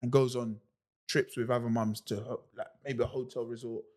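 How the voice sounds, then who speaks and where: A man with a British accent, co-hosting a podcast and telling a personal story in casual chat, animated and full of street slang. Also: medium pitch, normal speed. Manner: animated, acting out other people's lines; street slang, filler sounds like "rah, rah". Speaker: podcast co-host.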